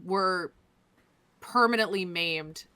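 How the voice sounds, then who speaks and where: Bright-voiced woman ranting about hockey. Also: fairly low pitch, slow, smooth. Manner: profane, fired-up ranting. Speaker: podcast co-host. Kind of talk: casual hockey chat.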